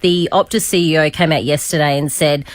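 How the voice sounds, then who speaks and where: A woman, a news presenter, giving a measured, matter-of-fact rundown. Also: sits low, steady tone, no room sound. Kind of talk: casual news commentary.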